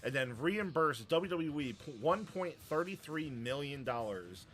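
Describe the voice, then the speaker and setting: A man's voice: on the high side, lively intonation, a little slow, a bit bright, soft background music. A man hosting a wrestling show, chatting casually about the news and giving his opinions, with a rambling manner and many fillers.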